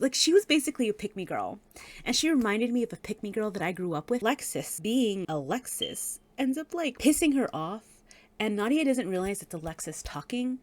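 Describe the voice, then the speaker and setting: A woman giving a casual book review. She speaks in an animated way, laughs often and swears casually. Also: a little high, fairly quick, no echo.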